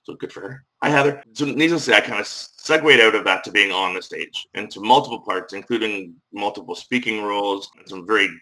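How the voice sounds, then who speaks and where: Bright-voiced man from Northern Ireland. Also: fairly low pitch, brisk, few pauses, low-quality recording. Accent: faint Northern Irish. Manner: warm storytelling, wry humor. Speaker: podcast guest. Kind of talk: casual interview chat.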